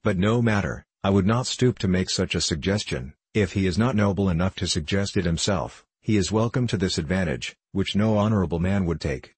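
A man reading aloud puts on a portly, excitable Frenchman who declaims every line as high tragedy, in a low, husky voice. The storybook reading sounds dry and close. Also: brisk, few pauses, no room sound. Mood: melodramatic.

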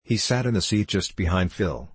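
A man reading a novel aloud as an audiobook narrator in a measured, even way. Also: sits low, husky, no echo. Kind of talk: scripted narration.

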